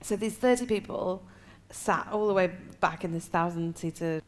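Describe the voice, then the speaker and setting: A woman stand-up comedian, a guest on a live comedy chat show, telling animated stories and laughing often. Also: on the low side, moderate pace.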